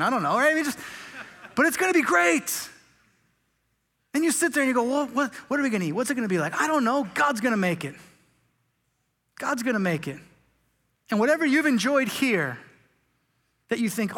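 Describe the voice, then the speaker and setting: A man's voice: very high voice, sharp tone. A man preaching a sermon as pastor, joking and casual, stumbling over words and restarting often. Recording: long hall reverb.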